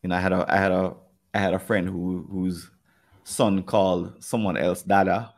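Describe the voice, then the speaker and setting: His voice sits low and level, shaped by a Jamaican accent. Chatting on a podcast, he reasons things out thoughtfully, frequently breaking off to restart what he's saying.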